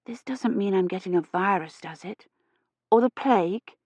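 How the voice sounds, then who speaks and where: A woman voicing a frightened young historian, her words halting and shaky with fever. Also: mid-range voice, slightly rough, dry recording. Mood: feverish. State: teeth chattering with fever.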